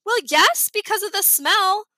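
A woman voicing a bossy know-it-all girl in a storybook, speaking slowly with a prim, superior manner. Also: extremely high pitch, lively intonation, bright, forceful tone, dry recording, pitched above the performer's own voice, full character voice. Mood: haughty.

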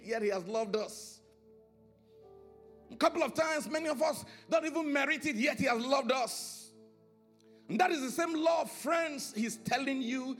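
A male pastor preaching a sermon, his delivery swinging from soaring, sing-song emphasis to low, hushed lines.

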